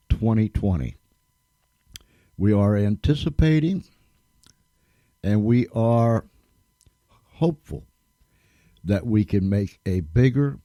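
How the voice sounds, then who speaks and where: A man with a low, mellow voice hosts a radio show at an unhurried pace. He talks in a folksy, emphatic way and leans on repeated thanks. The sound is close and dry. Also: dry recording. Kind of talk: casual radio talk.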